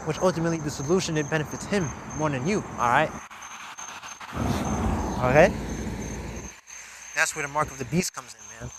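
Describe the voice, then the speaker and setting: A man teaching from scripture in an informal way. He keeps tagging his remarks with "man", "okay?" and "all right?", and reads the verses aloud louder and more formally than his own talk. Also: a little high, heavy background noise. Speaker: religious teacher. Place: outdoors at a camp.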